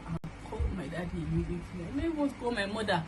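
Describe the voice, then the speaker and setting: A young woman in her twenties with a Nigerian accent, telling a personal family story to the camera in a halting, earnest way with many restarts. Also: fairly low pitch, animated. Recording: noisy room ambience.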